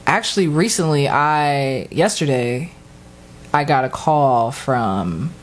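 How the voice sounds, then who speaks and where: Woman, low voice, casual storyteller who acts out other people's lines; unhurried chat. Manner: animated storyteller, acts out quotes with high squeals and laughs.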